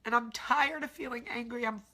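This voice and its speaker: Raw and candid, a forty-something vlog host pours out an emotional confession, tearful, repetitive, and dropping into whispers now and then. She speaks with a higher, sharp voice at a slightly fast clip.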